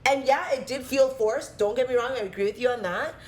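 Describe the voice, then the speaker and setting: A woman co-hosting a podcast, chatting casually and acting out quotes with animated energy. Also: on the high side. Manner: animated, quick to chime in, acts out quotes. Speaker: podcast co-host. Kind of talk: casual chat.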